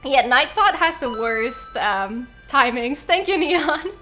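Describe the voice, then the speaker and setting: A high-pitched woman streaming a game live, her voice bright and sharp. She talks to her viewers in an open, emotional, effusive way. Faint game music plays behind her. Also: lively intonation, slow pace. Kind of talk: live gameplay stream commentary.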